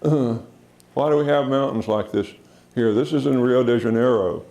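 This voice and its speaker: A man giving a public science lecture in a theater, unhurried, with frequent fillers and restarts. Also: medium pitch, dark tone, roomy sound, low-quality recording. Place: theater auditorium.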